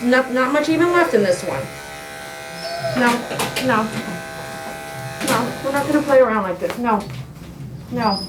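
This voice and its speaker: This grooming tutorial features a woman with a high-ish, animated voice who speaks a little slowly and pauses often. She coaxes and scolds the dog as she trims it, then explains her process, recorded from a distance in a roomy space full of clipper noise.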